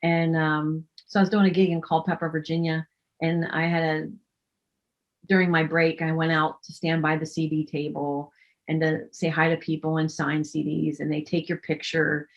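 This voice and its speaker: A woman telling a personal story casually, with dry, self-mocking humor. Her voice sits a bit low for a woman. The recording sounds slightly dull and lo-fi. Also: flat delivery, normal speed. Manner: wry, self-deprecating humor.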